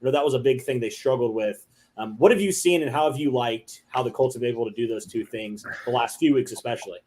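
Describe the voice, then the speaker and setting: A man's voice: medium pitch, fast talker, darkish tone. An upbeat man co-hosts a casual live chat. He puts questions to each guest in an ordinary mid-range voice. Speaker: co-host.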